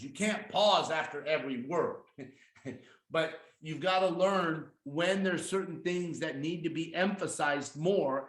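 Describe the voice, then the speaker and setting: A man teaching how to present a sales pitch, emphatic and energetic, acting out his pitch lines with deliberate pauses. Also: echoey room, poor audio. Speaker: sales trainer. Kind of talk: presentation training talk.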